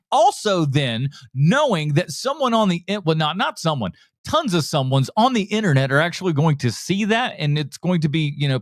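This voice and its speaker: A man's voice: fairly high pitch, a bit bright, dry recording, clean studio sound. A man hosting a movie podcast, ranting sarcastically and with exasperation about a trailer ad. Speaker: podcast host. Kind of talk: casual ranting commentary.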